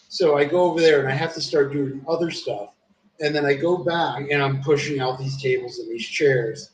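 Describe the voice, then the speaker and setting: A man's voice: fairly high pitch, fairly even intonation, brisk. A man streaming, telling long rambling stories in casual chat, full of swearing and fillers. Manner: rambling, profane storytelling with many fillers. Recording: echoey room with faint ambient noise.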